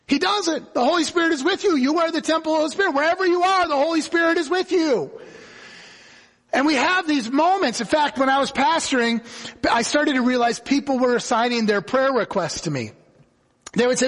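High-voiced man preaching in echoing hall. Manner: conversational, animated storytelling with acted quotes. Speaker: guest pastor. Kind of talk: sermon. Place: church sanctuary. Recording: church hall reverb.

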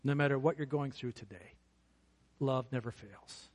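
A man's voice: medium pitch, normal speed. A middle-aged man preaching a sermon in a church, earnest and building to fervent emphasis. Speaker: pastor.

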